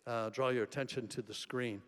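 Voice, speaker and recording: A man preaching a sermon in a conversational storytelling way, swinging between soft and emphatic delivery. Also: medium pitch, steady tone, brisk. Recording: long hall reverb.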